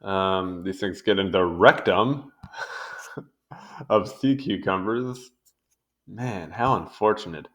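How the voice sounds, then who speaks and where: A man's voice: sits low, animated, slow, pauses often, fairly bright tone. A young man reading an encyclopedia article aloud and going off on amused, rambling asides in casual commentary. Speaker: video host reading a wiki article. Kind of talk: casual read-along commentary.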